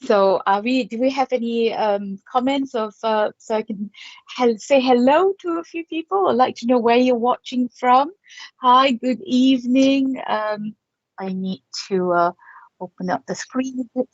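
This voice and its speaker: A woman's voice: fairly high pitch, a little slow, no room sound, dull audio. A woman in her fifties from Malaysia, a psychic artist chatting casually on a livestream and greeting viewers by name with frequent laughs. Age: 50s.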